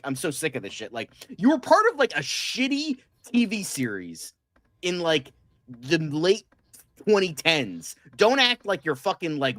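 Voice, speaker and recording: A man's voice: on the high side, fairly bright tone, dry recording, studio quality. A man co-hosting a casual podcast, going off in a profane, angry rant. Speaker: co-host.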